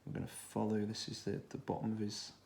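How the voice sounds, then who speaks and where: A man with a Stoke-on-Trent accent, talking through a children's drawing tutorial in a relaxed way, thinking aloud as he draws. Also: lowish voice, fast talker, gravelly, slight background noise. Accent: Stoke-on-Trent English. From England. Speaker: art tutor.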